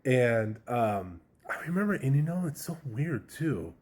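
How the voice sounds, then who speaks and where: A man's voice: mid-range voice, very animated, measured pace, darkish tone, slightly rough. A man casually telling a personal story to camera, candid and chatty, with slang and lots of fillers. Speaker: vlogger sharing a personal story.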